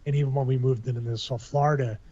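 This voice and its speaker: A man's voice: medium pitch, steady tone, fast talker, crowd noise. A man chatting casually on a podcast, rambling and joking with many restarts. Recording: dull lo-fi sound.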